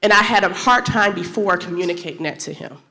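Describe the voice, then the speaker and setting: A woman's voice: medium pitch, quick pace. A woman speaking on a panel as a wife and business owner, earnest and a little emotional. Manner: earnest, a bit emotional, laughs softly. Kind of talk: candid panel answer. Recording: long hall reverb.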